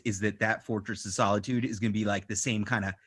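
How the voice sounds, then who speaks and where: A man's voice: fairly low pitch, fairly even intonation, fast talker, fairly bright tone, breathy edge. Emphatic man in a casual podcast. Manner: emphatic, frustrated complaints, filler-heavy. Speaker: panelist on a toy collecting show. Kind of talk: casual live podcast chat.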